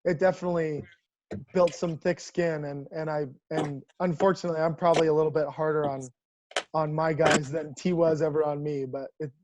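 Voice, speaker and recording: A man, a professional baseball coach, telling stories in a casual, animated way over a video call. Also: a little high, fairly quick, highs cut off, background noise. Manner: animated, lots of restarts and laughs. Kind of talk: casual storytelling.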